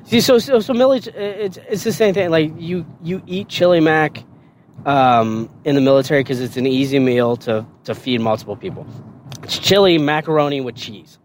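A man telling basic training stories in a casual, profane and animated way on a podcast. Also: on the high side, moderate pace, a little hiss or hum. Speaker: podcast guest storyteller. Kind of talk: casual storytelling.

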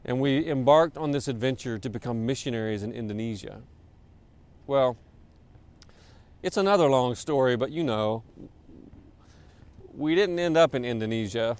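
A man's voice: medium pitch, normal speed, long pauses, darkish tone, smooth. A man, a pastor, preaching a sermon in a conversational, informal way, with many fillers and repeated words.

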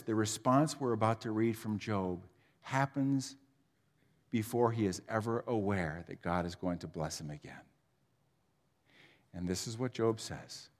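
A man preaching a sermon with dramatic delivery, swinging from loud declarations to near whispers. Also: medium pitch. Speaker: pastor. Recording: long hall reverb.

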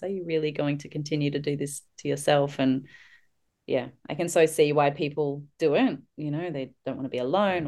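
A woman's voice: extremely low pitch, darkish tone. A woman hosting a casual podcast conversation, reflective and encouraging.

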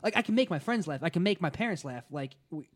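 Fast-talking young man, rambling and profane. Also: fairly high pitch, expressive. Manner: rambling, profane, many fillers and restarts. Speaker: stand-up comedian. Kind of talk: casual podcast chat.

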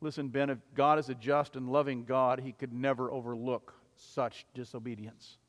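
A male preacher voicing a devout sister pleading with her dying brother, urgent and swelling loud. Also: medium pitch, flat delivery, moderate pace, in a large hall, natural voice. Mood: earnest.

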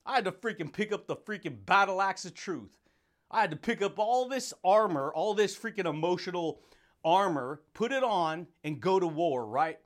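A man's voice: high voice, animated, normal speed. A man hosting a motivational podcast, hyped and slangy, laughing often and calling listeners baby and dude. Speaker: podcast host.

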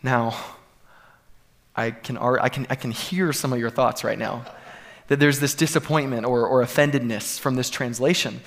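A man's voice: mid-range voice, fairly even intonation, normal speed, fairly bright tone. A man preaching a sermon to a congregation, earnest and building to emphatic peaks. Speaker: pastor. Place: church sanctuary.

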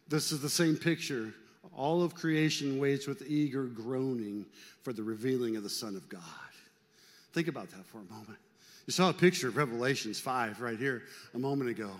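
Older pastor preaching in a reverberant hall. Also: male voice, mid-range voice, moderate pace. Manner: conversational preaching, swinging from loud to hushed; folksy, joking asides. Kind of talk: sermon. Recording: long reverb of a large hall.

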